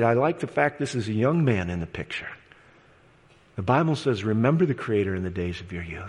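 Impassioned preacher in a reverberant auditorium. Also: male voice, medium pitch. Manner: impassioned, appealing, swings between loud storytelling and hushed pleas. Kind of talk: evangelistic sermon. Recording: long hall reverb.

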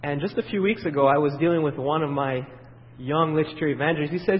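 A man preaching a sermon, asking the congregation questions and waiting for their answers, swinging from loud emphatic peaks to quiet, low passages. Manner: asks the audience questions and pauses for their answers. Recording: dull, reverberant hall sound.

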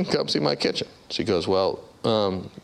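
Animated low-voiced male preacher. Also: unhurried, creaky. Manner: animated storyteller, acts out voices with big pitch jumps. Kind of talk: storytelling sermon.

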